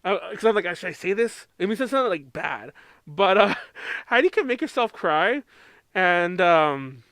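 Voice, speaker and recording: A man's voice: high-pitched, sing-song, measured pace, fairly bright tone, no room sound. An American man co-hosting a podcast in casual chat, rambling, laughing often and swearing freely. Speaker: podcast co-host.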